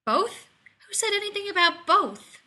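A woman voicing an indignant, sharp-tongued male scientist who talks loftily and splutters. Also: high voice, very animated, normal speed, voice pushed up, full character voice. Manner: lofty and spluttering.

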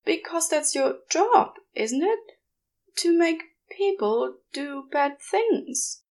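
A woman voicing an anxious, earnest young boy who speaks in a halting, pleading way. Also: high voice, very animated, a little mellow, exaggerated voice. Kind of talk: audiobook character reading.

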